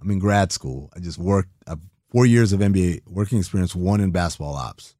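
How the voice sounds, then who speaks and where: A man in his thirties telling a long story in a casual, animated way, acting out the people he quotes and swearing now and then. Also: deep voice, brisk, no room sound, clean studio sound. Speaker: guest.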